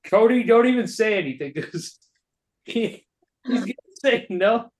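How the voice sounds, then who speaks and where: A man's voice: high-pitched, expressive, a little slow. A young man chatting as a podcast guest, teasing and full of fillers. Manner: teasing, many fillers like 'like' and 'bro'. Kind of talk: casual podcast banter.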